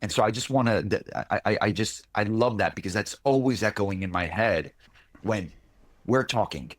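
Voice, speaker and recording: A man with a lowish voice co-hosts a casual podcast. He speaks emphatically and slows down to land his points. The sound is dry and close. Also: dry recording. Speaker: podcast co-host.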